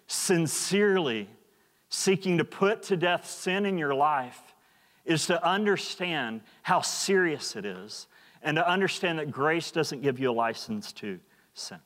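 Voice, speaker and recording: A man's voice: high voice, expressive, measured pace, fairly bright tone. A man preaching a sermon in a church, earnest and emphatic, often repeating words. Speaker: pastor. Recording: long hall reverb.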